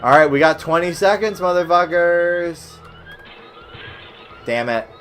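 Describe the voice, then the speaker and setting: A young man streaming old web games, chatting casually with viewers, cursing a lot and breaking into sudden loud outbursts. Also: a little high, animated, brisk, slight background noise. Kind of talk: casual gameplay commentary.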